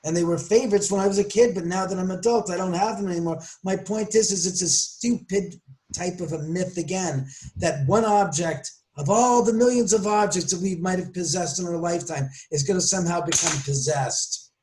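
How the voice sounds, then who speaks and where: A man's voice: high voice, fairly quick, poor audio. A man talking emphatically on a podcast as a paranormal guest, arguing and lecturing. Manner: forceful, argumentative, lecturing.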